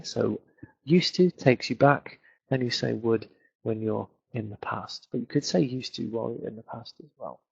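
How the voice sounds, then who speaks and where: A man's voice: mid-range voice, creaky, dull audio. A man with a Northern English accent, an English teacher answering viewer questions in a webinar, explaining things with many fillers. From England. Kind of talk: webinar Q&A lesson.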